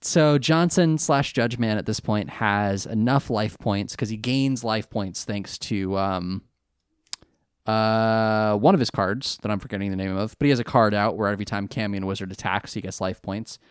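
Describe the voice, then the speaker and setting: A man's voice: on the low side, moderate pace, clean tone, no echo, clean studio sound. A man co-hosting a casual chat podcast, recapping an episode with frequent laughter and goofy character voices. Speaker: podcast co-host.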